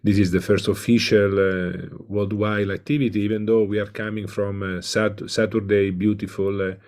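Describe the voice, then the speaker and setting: A man with an Italian accent, a professor giving a welcome talk online with many pauses and filler sounds. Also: on the low side, little pitch movement, a little mellow. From Italy. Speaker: professor, invited lecturer.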